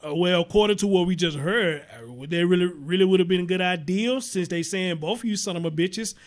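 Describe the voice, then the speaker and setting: A man's voice: high voice, brisk. A Southern-accented man hosting a casual livestream, reading an article aloud and talking bluntly and profanely to his chat. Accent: Southern American. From American South. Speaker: host.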